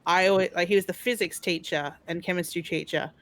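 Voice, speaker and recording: Bright-voiced woman chatting over a game. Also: on the low side, fairly even intonation, a little fast. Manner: rambling, chatty storytelling with fillers. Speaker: streamer playing a retro game. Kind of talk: casual chat.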